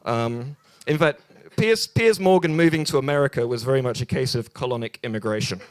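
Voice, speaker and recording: A man's voice: mid-range voice, brisk. A young British man doing a stand-up set at an open mic night in a bar, dry and self-deprecating, rambling with many ums and restarts, on a handheld stage mic. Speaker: stand-up comedian.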